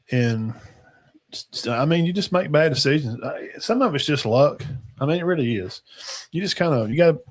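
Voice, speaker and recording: A man, hosting a casual football talk show in a rambling, folksy way that trails off into mumbles. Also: mid-range voice. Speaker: sports talk show host.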